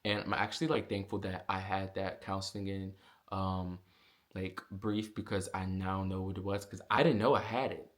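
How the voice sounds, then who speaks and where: A young man, telling a casual storytime vlog with lots of fillers and animated asides. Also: sits low, normal speed. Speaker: vlogger.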